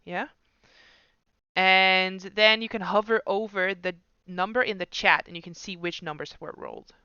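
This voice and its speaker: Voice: mid-range voice, steady tone, normal speed, bright, forceful tone, clean tone, dry recording, muffled recording. A game master patiently talking players through an online tabletop game over a computer mic.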